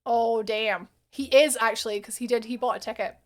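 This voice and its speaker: A woman's voice: fairly high pitch, steady tone, moderate pace, soft background music. A young Scottish woman streaming a game live, chatting and laughing with her viewers. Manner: chatty, giggly, reads chat aloud. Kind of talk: live gameplay stream chat.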